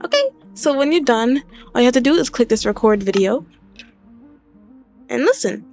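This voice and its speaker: Young girl yapping through a minecraft tutorial, kinda high voice, little music in the back. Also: expressive, normal speed, a little mellow. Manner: chatty, rambling, giggly. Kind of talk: casual screen-recorded tutorial.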